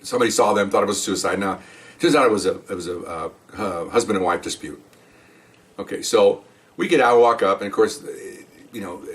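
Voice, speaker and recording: A man's voice: sits low, a bit bright, recorded from a distance. An older man, a retired police officer, telling a story in a casual, rambling way and often checking in with "okay?". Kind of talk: casual spoken anecdote.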